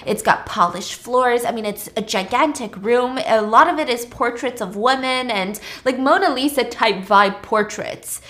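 A woman hosting a casual chat, recapping a movie in an animated, joking way. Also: a little high, normal speed, hardly any pauses. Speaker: host.

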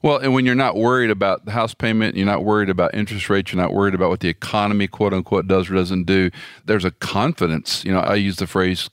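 Casual: older guy doing the interview, low voice, calm and reflective, dry close mic. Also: fast talker, clear, resonant tone, dry recording.

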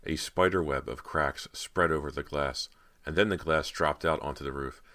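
A man narrating a horror audiobook in a measured, dramatic reading. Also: extremely low pitch, pushed and bright.

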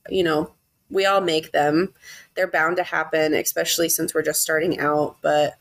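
Low-voiced woman telling stories on herself. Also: little pitch movement, normal speed. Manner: self-deprecating storyteller, laughs at herself. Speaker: podcast co-host. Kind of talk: casual chat.

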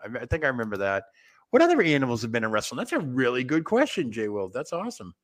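A man's voice: mid-range voice, wildly swooping pitch, fast talker. A man hosting a casual online wrestling chat, rambling and laughing, trailing off with fillers as he thinks aloud. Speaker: podcast host.

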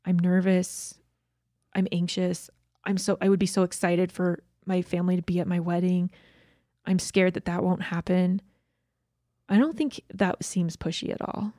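A young woman co-hosting a casual advice chat, relaxed and chatty, with many "like" fillers. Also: lowish voice, moderate pace, no room sound, clean studio sound. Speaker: podcast co-host.

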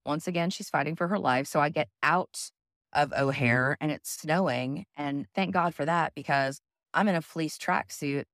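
A woman hosting a podcast, telling a travel story in a loud, profane, animated way with frequent laughs. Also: sits low, moderate pace, no room sound, studio quality. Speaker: podcast host. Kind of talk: casual storytelling chat.

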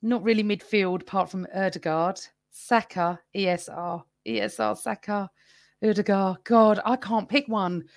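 A woman's voice: mid-range voice, steady tone, measured pace, gravelly, no room sound, studio quality. A woman hosting a live fan podcast on her own, chatting casually with viewers and reading out their comments. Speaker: podcast host. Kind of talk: live-stream fan chat.

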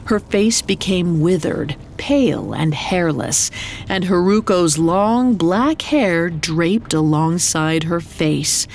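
A woman narrates a folk tale in a dramatic, scripted style. Her voice is gravelly with vocal fry and sits a little low. She speaks very slowly, with soft music playing beneath her. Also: expressive, slight background noise. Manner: slow, dramatic storytelling delivery. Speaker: podcast narrator. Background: faint music.

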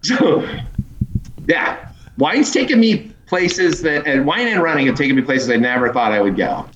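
A man telling stories as a podcast guest in an animated, casual way, laughing often and swearing freely. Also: fairly high pitch, moderate pace, muffled recording, a little hiss or hum. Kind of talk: casual storytelling. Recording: roomy echo.

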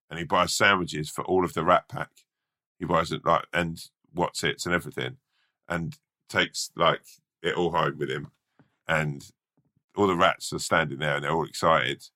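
A man's voice: extremely low pitch, sharp tone. A man co-hosting a podcast, telling a rambling casual story with lots of fillers and swearing. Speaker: podcast co-host.

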